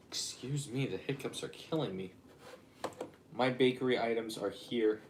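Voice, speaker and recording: A man's voice: medium pitch, a little slow, a little hiss or hum. A man rambling casually on a livestream, chatting and reacting to viewer comments. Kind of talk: casual live-stream chat.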